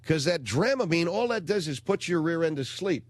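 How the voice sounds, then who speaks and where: A man's voice: a little high, lively intonation, moderate pace, no room sound. A middle-aged man hosting a radio show, telling a rambling, sardonic comic story in a studio. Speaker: radio talk show host. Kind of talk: comedic radio monologue.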